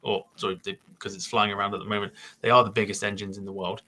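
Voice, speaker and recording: A man's voice: fairly low pitch, flat delivery, quick pace, sharp tone, low-quality recording. A man hosting a podcast, thinking aloud in casual chat with many hesitations. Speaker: podcast host.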